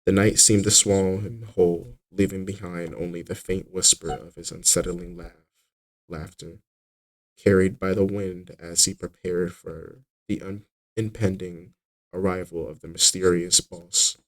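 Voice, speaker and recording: A man narrating his own fantasy book as an audiobook, steady with occasional slips and restarts. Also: sits low, unhurried, poor audio.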